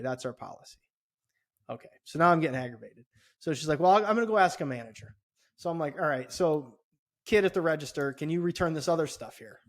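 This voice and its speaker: A middle-aged man co-hosting a podcast, telling a story casually with lots of swearing, his voice climbing sharply when he gets indignant. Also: a little high. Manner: animated, swears often, voice rises when indignant. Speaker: podcast co-host.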